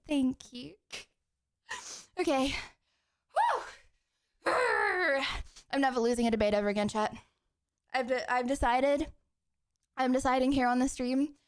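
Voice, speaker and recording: High-voiced excitable young woman streamer. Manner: excitable, rambling, apologetic. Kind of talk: casual livestream chat.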